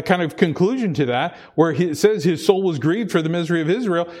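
A man's voice: a little high, darkish tone, breathy edge. A man preaching a sermon, earnest, repeating himself and restarting phrases as he presses his point. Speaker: pastor.

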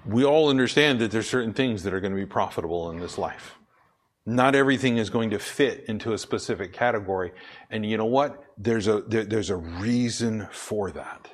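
A man with a somewhat low voice preaches a sermon. He is emphatic, slows right down to press a point home, and poses questions to answer them himself.

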